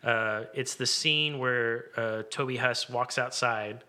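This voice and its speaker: A man animatedly telling a story in casual chat, acting out what people said. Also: slow. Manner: animated, acts out quotes with big pitch jumps.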